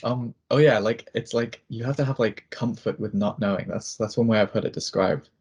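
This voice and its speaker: A man's voice: on the low side, fairly quick, a little mellow, slightly rough. A young man in a casual chat over a video call, rambling with many fillers and restarts. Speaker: student.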